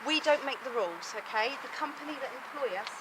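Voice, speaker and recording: A woman's voice: high voice, animated, quick pace. Firm woman, noisy outdoor phone clip. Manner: firm, patient, repeats "okay?". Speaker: parking enforcement officer. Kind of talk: explaining rules in an outdoor confrontation. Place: outdoors by a residential car park. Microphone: phone camera held by the person filming. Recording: phone video with loud outdoor noise.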